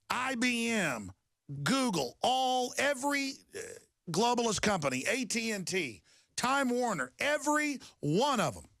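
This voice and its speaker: A middle-aged man rants on his talk radio show, his voice gravelly and forceful. He speaks a little high for a man and swells toward shouting as he pushes each point. The recording is dry and close. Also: no room sound. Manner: impassioned, rising to shouting then calming. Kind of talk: ranting talk radio monologue.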